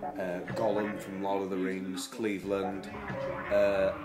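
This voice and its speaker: A man's voice: deep voice, monotone, slow pace, roomy sound, loud music behind the voice, poor audio. A man with a Yorkshire accent chatting in a rambling, self-deprecating way as a vlogger. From Yorkshire, England. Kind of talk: casual chat.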